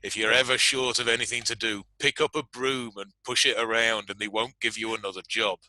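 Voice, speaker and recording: A British man with a very bright, forceful tone leads a panel chat on game mastering. He talks in a relaxed, self-deprecating way and laughs often. His voice sits a little low and sounds dry and close. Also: a little fast, no echo, poor audio. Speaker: panel moderator.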